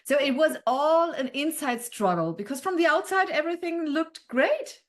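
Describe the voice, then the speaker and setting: A woman's voice: sits high, lively intonation, normal speed. A woman hosting an interview, asking questions and encouraging the guest with short affirmations over a video call. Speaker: host. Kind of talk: interview questions, casual chat.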